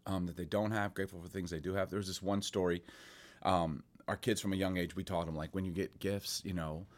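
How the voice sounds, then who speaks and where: A middle-aged man telling family stories in a casual chat, animated and laughing often. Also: brisk. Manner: animated storytelling, laughing, voice jumping high for quotes.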